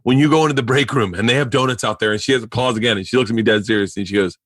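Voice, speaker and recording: A man's voice: on the low side, steady tone, very fast, few pauses, a bit bright, no room sound, studio quality. Profane storytelling podcast host, man. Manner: profane, storytelling, laughing often. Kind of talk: casual podcast chat.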